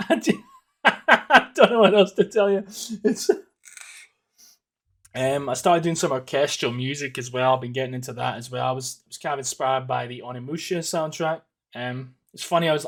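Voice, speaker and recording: A Scottish man in his thirties hosting a casual solo podcast. He rambles and swears, with plenty of ums and restarts. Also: mid-range voice. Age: 30s. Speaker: podcast host.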